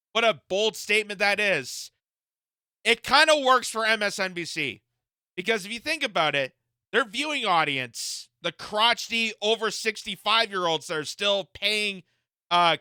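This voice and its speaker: A man with a high, bright and very lively voice, mocking and incredulous as he rants through a political reaction commentary. He sounds clear and smooth, close on a dry mic. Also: no room sound. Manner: mocking, incredulous, laughs often.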